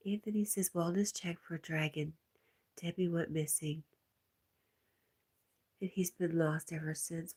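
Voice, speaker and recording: A woman hosting a livestream, reading out viewer comments in a casual, soft, often half-whispered way, with a stuffy nose. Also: on the low side, fairly even intonation, unhurried, pauses often. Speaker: livestream host.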